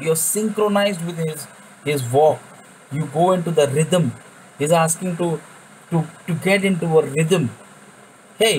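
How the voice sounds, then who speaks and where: A man's voice: on the high side, a little mellow, a little hiss or hum, low-quality recording. Earnest man teaching a Bible study. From India. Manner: earnest, repeats words while searching for phrasing. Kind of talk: informal Bible study talk.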